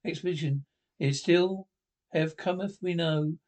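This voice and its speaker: A man's voice: a little high, fairly even intonation, measured pace, a little mellow, lightly acted. An actor playing a hearty, bossy male leader of an off-road club, barking orders at his cameraman. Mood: gung-ho.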